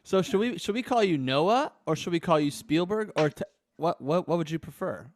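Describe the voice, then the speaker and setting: Male co-host, playful teasing banter, slightly high voice, dry studio sound. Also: lively intonation, no room sound. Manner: playful, teasing, quick to laugh. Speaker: podcast co-host. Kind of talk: casual podcast banter.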